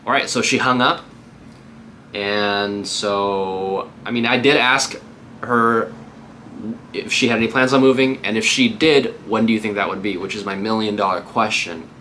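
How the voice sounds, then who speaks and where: A man's voice: on the low side, steady tone, moderate pace, bright, forceful tone, a little hiss or hum. A man working as a real estate agent, giving a casual, upbeat tutorial on cold calling between live calls.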